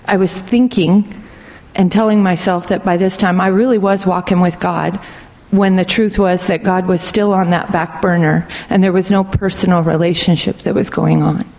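A middle-aged woman sharing a personal faith testimony in an earnest, reflective way, speaking slowly and deliberately. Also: fairly low pitch, fairly even intonation, a little mellow. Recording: long hall reverb.

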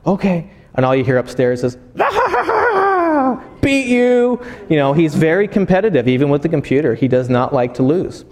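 A man, a pastor, preaching a sermon as animated storytelling and acting out voices. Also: mid-range voice, quick pace, hardly any pauses, in a large hall.

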